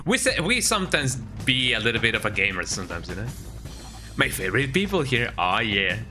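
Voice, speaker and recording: A man's voice: mid-range voice, big pitch swings, brisk, music in the background. A man streaming a video game, chatting casually and rambling, often tagging his remarks with a questioning "eh?". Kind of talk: casual live-stream chat while gaming.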